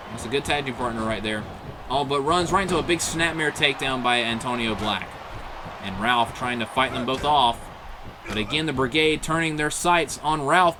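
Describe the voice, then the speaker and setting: A man calling wrestling matches play-by-play, excitable, packed with exclaimed "oh"s and chuckles at the big moments. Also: fairly high pitch, background noise. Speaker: play-by-play commentator.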